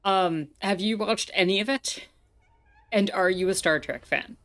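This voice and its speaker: A woman's voice: medium pitch, measured pace, a bit bright. A woman streamer giving casual, playful commentary while playing a game, chatting with viewers and laughing often.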